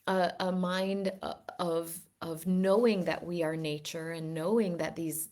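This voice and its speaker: A woman giving an earnest, gently persuasive wellness talk to her group, with frequent restarts. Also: lowish voice. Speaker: wellness teacher. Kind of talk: reflective teaching talk.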